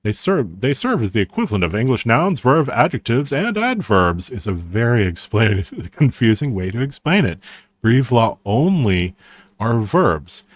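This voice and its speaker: A man's voice: mid-range voice, big pitch swings, measured pace, no echo. A man giving casual, rambling commentary as he reads through a language reference book, with frequent restarts and a wry tone.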